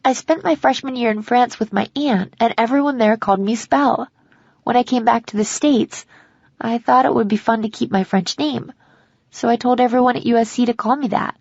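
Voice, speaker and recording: A woman's voice: a little high, moderate pace, creaky, a little mellow, no echo, muffled recording, pitched above the performer's own voice. A woman voicing an anxious young college girl. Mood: earnest. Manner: earnest, emotional.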